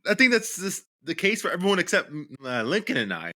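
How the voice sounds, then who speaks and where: A man's voice: high-pitched, sing-song, fast, bright, forceful tone. A man playing a tabletop game, talking eagerly about his character's moves. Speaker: player. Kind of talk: casual tabletop role-play.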